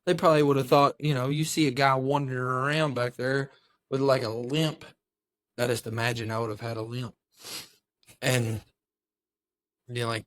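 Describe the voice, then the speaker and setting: A man's voice: medium pitch, flat delivery, moderate pace, pauses often, a bit bright, dry recording, clean studio sound. A young man co-hosting a podcast, telling rambling stories with lots of laughs and the odd silly voice. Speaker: podcast co-host. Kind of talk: casual chat.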